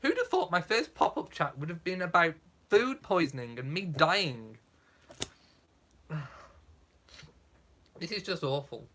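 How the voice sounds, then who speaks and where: Man, bright forceful voice, slightly high, camp and theatrical, reading viewer comments aloud. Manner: camp, theatrical, self-mocking. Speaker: vlogger reading live chat. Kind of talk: casual live chat.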